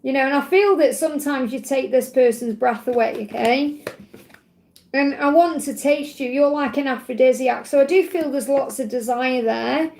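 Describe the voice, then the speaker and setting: A woman's voice: high voice, normal speed, creaky, darkish tone, echoey room. A woman hosting a live tarot Q&A, talking in a chatty, reassuring way and often checking in with "okay?". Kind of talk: casual live-stream reading.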